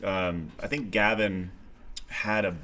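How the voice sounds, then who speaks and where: A man's voice: low voice, steady tone, slow, bright, forceful tone. A man telling a story in casual podcast chat, laid-back and a bit hesitant.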